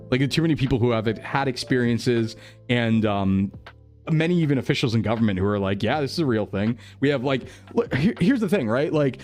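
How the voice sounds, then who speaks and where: A young American man chatting casually with his stream viewers, excitable and loose, full of "like" and "bro". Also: medium pitch. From United States. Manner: animated, excitable, lots of "like" and "bro".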